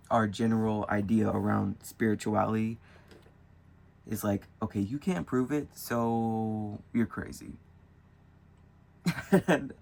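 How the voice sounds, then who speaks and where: A young man with a fairly low, gravelly voice rambles casually in a spirituality vlog, thinking out loud as he draws with colored pencils.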